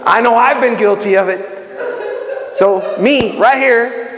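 A man's voice: very high-pitched, slow, crowd noise. A man from Miami teaching a Bible lesson in a sermon style, acting out prayers with lots of restarts. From Miami, United States. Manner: animated, acts out prayers, many restarts. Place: community center hall. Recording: echoey hall with long reverb.

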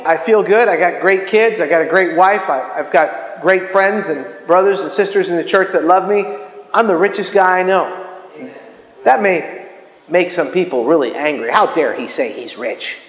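A middle-aged man preaching in a lively, conversational way, cracking jokes and laughing along with his own stories. His voice sits high for a man. The sound rings with a long echo, as if it was picked up from across a church hall. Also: moderate pace. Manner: animated, chatty, jokes and laughs often. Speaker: pastor. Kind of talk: sermon.

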